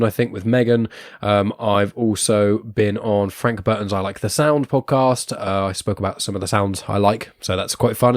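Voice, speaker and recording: A man's voice: on the low side, darkish tone, no echo, clean studio sound. A man hosting a podcast in casual chat, upbeat and chatty, laughing often as he wraps up. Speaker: podcast host.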